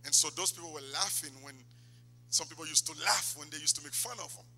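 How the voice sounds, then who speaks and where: A man preaching a sermon in a church, swinging from loud exhortation to quiet asides. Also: fairly high pitch, fast talker. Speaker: pastor. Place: church sanctuary. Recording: long church hall reverb.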